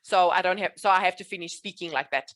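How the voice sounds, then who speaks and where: A woman's voice: fairly low pitch, quick pace, a bit bright. A woman working as a speech coach in a one-on-one session, earnest and reassuring as she explains things. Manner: earnest, reassuring, repeats promises.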